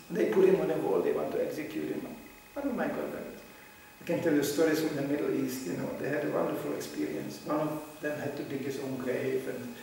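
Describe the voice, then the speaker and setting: In a roomy hall with a distant mic and a faint hum, a man with a warm, mid-range voice leads a casual scripture class. He tells stories, voices people's lines in little character voices, and chuckles a lot, like an informal sermon.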